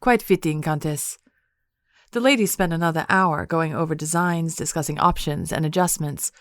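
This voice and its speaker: A woman reading an audiobook in even, measured narration. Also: low voice, no echo, clean studio sound.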